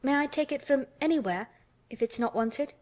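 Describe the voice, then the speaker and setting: A nervous little girl in a storybook reading, her voice lifted high and trembling with eagerness, as a woman narrator puts her on. She pleads softly and quickly, hoping not to be refused. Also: lightly acted. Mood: eager pleading. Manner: tremulous, pleading.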